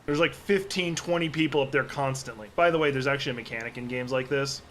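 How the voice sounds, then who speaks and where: A man's voice: mid-range voice, fast, fairly bright tone, a little hiss or hum. A man livestreaming a game, giving casual, rambling commentary and swearing freely as he plays. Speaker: gaming livestreamer.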